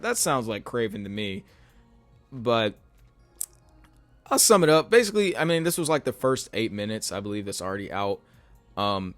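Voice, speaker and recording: A man's voice: mid-range voice, no room sound. A man giving a casual spoken film review in a weary, rambling way, with many fillers and restarts. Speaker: YouTube movie reviewer.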